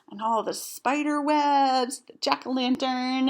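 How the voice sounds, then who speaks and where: A woman reading a children's storybook aloud, with gentle, chatty asides to young listeners. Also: mid-range voice, slow. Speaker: storybook reader.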